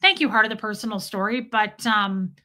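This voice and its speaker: A woman's voice: mid-range voice, a little fast, bright, forceful tone. A woman hosting a casual livestream Q&A, candidly answering chat comments and thanking viewers by name. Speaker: livestream host.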